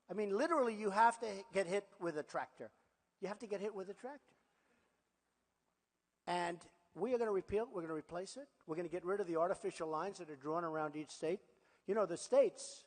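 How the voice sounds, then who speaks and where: A man in his sixties giving a campaign rally speech, boastful and repetitive, with conversational asides to the crowd. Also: high-pitched. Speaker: political candidate. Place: large rally hall. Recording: long hall reverb at a rally.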